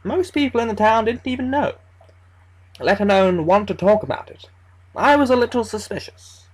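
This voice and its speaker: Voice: medium pitch, normal speed, poor audio. A narrator telling a first-person horror story in a casual, conversational way, swearing freely as they go. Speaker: creepypasta narrator.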